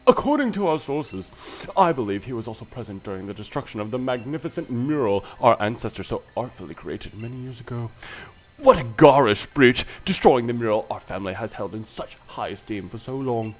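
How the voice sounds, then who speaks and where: A man's voice: mid-range voice, animated, fairly quick, close to an everyday voice. A man voicing a haughty, pompous nobleman who sneers at a child. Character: pompous haughty man, elder royal descendant.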